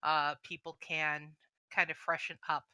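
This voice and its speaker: A woman narrating as game master, describing scenes with frequent pauses. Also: sits low, little pitch movement, pushed and bright, clear, resonant tone, dry recording, low-quality recording. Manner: descriptive, hesitant with fillers.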